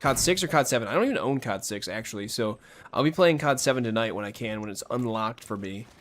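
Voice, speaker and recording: A male game streamer talking casually to his viewers as he plays. His pitch swings up and down a lot, and he keeps a jokey, chatty tone throughout. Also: animated, quick pace, fairly bright tone. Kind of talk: casual livestream chat over gameplay.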